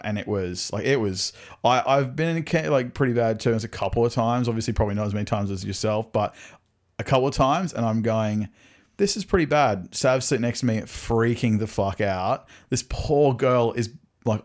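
A young man hosting a casual podcast, chatty, laughing often and swearing freely. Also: fairly low pitch. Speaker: podcast host.

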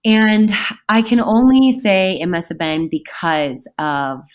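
A woman guest telling a story in a casual, animated way, with sudden shouted bursts. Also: mid-range voice, takes it slowly. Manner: animated, breaks into loud shouted outbursts. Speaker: podcast guest.

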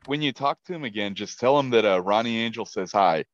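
A man's voice: on the low side, fairly quick, dry recording. A man chatting casually as a podcast guest, friendly and brief. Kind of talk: casual chat. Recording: dry, dull lo-fi sound.

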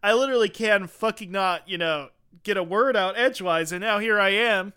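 A man's voice: high voice, moderate pace, pushed and bright, clean tone. A man hosting a casual comedy podcast, rambling through absurd bits and laughing often. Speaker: podcast host.

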